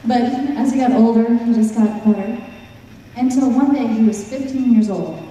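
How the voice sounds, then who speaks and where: A woman's voice: fairly high pitch, normal speed, mellow. A woman telling a folk tale to a live audience, with playful, teasing asides to the listeners. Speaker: storyteller. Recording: echoey hall from far off.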